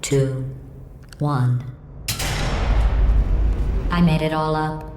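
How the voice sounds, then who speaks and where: Cold, mocking robotic AI. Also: female voice, low-pitched, very slow, background noise. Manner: deadpan, mocking, passive-aggressive. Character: cold sarcastic female AI running test chambers. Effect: synthetic robotic filter. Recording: echoey game audio with music behind.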